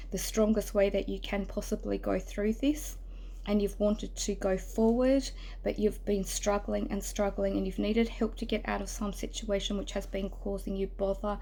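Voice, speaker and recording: Woman doing a tarot reading, flat steady voice, kinda husky-gravelly, soft and earnest w little whispers. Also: mid-range voice, poor audio. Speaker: tarot reader. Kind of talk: intimate tarot reading to the viewer. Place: indoors near a road.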